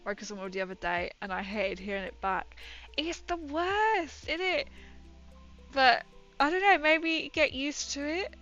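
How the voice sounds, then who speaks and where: Over muffled stream audio with faint music, a young female streamer chats casually at normal speed. Her medium-pitched voice is steady and a bit bright, and she giggles a lot while dropping her consonants.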